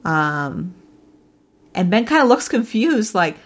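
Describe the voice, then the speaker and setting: Brief: female podcast co-host, lowish voice, chatty recapper. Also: animated, normal speed. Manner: recapping, quoting people in put-on voices. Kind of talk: casual chat.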